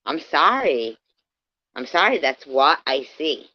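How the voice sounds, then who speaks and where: Woman livestreamer, very low and slow, cursing and ranting between yells and mutters; dry, dull lo-fi sound. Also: big pitch swings, no echo. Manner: profane, swings from yelling to low muttering. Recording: dull lo-fi stream audio.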